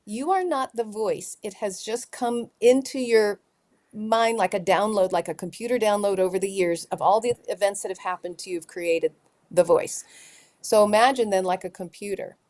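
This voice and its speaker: A woman's voice: medium pitch, moderate pace. A middle-aged woman, a youth leadership trainer, telling stories in an interview and acting out the dialogue. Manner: animated storyteller acting out dialogue. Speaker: guest, teen leadership trainer. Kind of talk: conversational interview storytelling.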